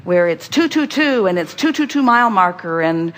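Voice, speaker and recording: A woman giving an inspirational spiritual talk, speaking as "we" and addressing the listener directly, emphatic and repetitive, with sudden jumps in pitch and volume. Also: lively intonation, moderate pace, a bit bright. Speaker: spiritual teacher channeling a group voice. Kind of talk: inspirational talk to a seminar guest.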